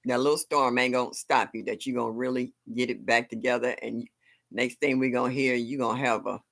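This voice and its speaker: A woman's voice: extremely low pitch, a bit bright. A woman hosting a casual gardening livestream from home, chatting expressively and reacting aloud to viewer comments. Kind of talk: casual live chat with viewers. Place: home in Ohio.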